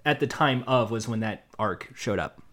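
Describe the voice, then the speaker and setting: A man's voice: medium pitch, normal speed, crowd noise. A man co-hosting a podcast, talking casually and playfully, often slipping into comic bits. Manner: animated, playful, doing bits. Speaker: podcast co-host.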